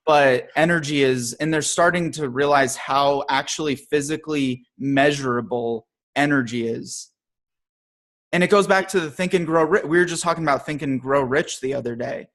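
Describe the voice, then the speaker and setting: A man's voice: fairly high pitch, normal speed, fairly bright tone. Easygoing podcast host man. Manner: easygoing, chatty questioner. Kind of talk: casual interview.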